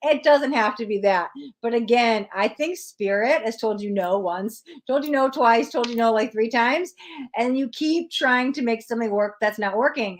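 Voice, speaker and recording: A woman reading tarot cards on a live stream, chatting with viewers and giving blunt readings. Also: fairly high pitch. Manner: blunt, chatty, reads out chat comments.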